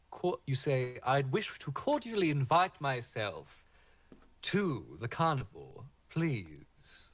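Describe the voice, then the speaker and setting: A man's voice: medium pitch, dry recording. Game master guy narrating, jokey and laughing a lot, voice swings up and down. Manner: playful, laughs often. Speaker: dungeon master.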